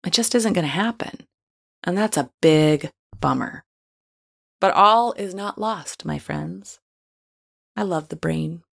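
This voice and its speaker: Speaking slowly with vocal fry and long pauses, a low-voiced woman works through a scripted piece of advice. Her tone is candid and playful, cheering listeners on with bits of casual slang.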